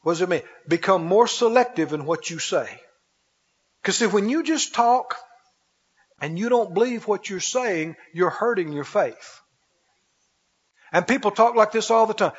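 A male pastor preaches with a high, slightly husky voice, repeatedly turning to his congregation with questions and calls for agreement. The recording sounds dull and muffled, and his voice rings out with a long reverb like in a large hall. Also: animated, a little slow, pauses often. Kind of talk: sermon.

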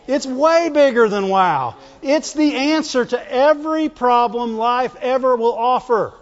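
Man, high voice, fervent preaching, repeats lines, muffled lo-fi sound. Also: animated, slow, few pauses. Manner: fervent, repetitive call-and-response preaching. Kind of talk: sermon. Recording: dull lo-fi sound with long hall reverb.

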